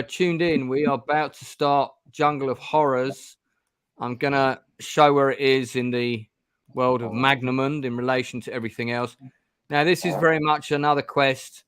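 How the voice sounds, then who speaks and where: Recorded with studio quality and no echo, a middle-aged man streams a gamebook and chats loosely, often saying um and starting over. His voice is medium-pitched, steady, fairly bright and smooth, at a normal speed.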